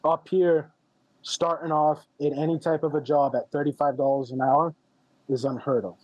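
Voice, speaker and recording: A man's voice: on the high side, little pitch movement, normal speed, darkish tone, dry recording, dull audio. A man in his thirties, a podcast guest, candidly telling a personal story with many ums and retold dialogue. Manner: candid, rambling, retells dialogue with "I'm like" and frequent ums.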